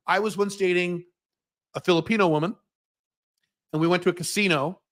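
A man's voice: high voice, fairly even intonation, brisk, fairly bright tone. An American man hosting a Q&A stream, bluntly answering viewer questions with profanity and mocking impressions. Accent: General American. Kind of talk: livestream Q&A monologue. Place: living in Dubai.

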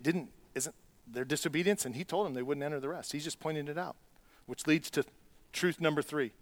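Guy preaching to his church, high voice, goes quiet then gets loud and fired up, dry close sound. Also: no room sound. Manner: swings from quiet earnest asides to loud rising exhortation; conversational preaching with restarts and plain talk. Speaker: pastor. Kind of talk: sermon.

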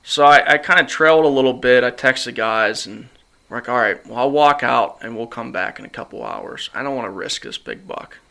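Man, podcast host, bright voice, animated storyteller, acts out quotes, studio chat. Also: medium pitch, brisk, creaky. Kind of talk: casual hunting story chat.

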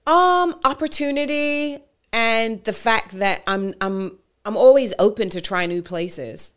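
A woman in her forties from Britain, with a British accent twisted by Brooklyn, telling animated stories as a radio DJ guest in a casual interview. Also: a little high, unhurried, smooth. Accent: British mixed with Brooklyn. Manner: animated storyteller, acts out quoted voices.

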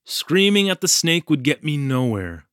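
A man's voice: fairly high pitch, sing-song, normal speed, fairly bright tone, smooth, no echo, studio quality. Devon, a man playing a flustered young teacher. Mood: recounting. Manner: wry, self-deprecating storyteller. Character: flustered young male English teacher recounting an ordeal. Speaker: English teacher in Japan. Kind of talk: audio drama storytelling narration.

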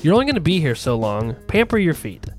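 A man's voice: on the high side, sing-song, fast, a little mellow, faint music behind. A man casually chatting with friends on a podcast, swearing often and teasing. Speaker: podcast co-host. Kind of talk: casual chat among friends.

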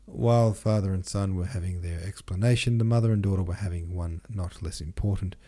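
A man narrating a classic novel in a measured reading. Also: sits low, fairly even intonation, dark tone. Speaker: podcast host, reader. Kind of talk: scripted narration.

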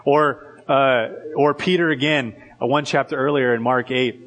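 A man preaching a sermon as pastor, in a loose conversational way full of "like" and quick restarts. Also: medium pitch, fairly even intonation, a bit bright.

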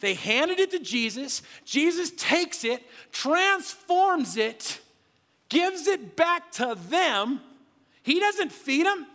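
A pastor with a strikingly high voice delivers a sermon to his congregation, preaching slowly but with energy in a conversational style, then dropping to a hush near the end. His words ring through a large church sanctuary with long, lingering reverb.

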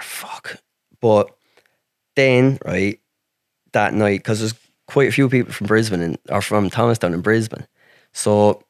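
An Irish man with a lowish voice tells his story as a podcast guest, rambling and swearing freely and filling his talk with "like". The sound is dry and close, with no room echo. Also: smooth. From Ireland. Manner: rambling, heavy swearing, frequent "like". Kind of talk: casual storytelling.

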